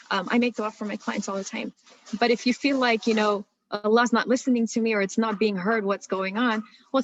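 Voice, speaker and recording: A woman's voice: fairly high pitch, no room sound, dull audio. A woman therapist giving an earnest talk on marriage, explaining with many rhetorical questions.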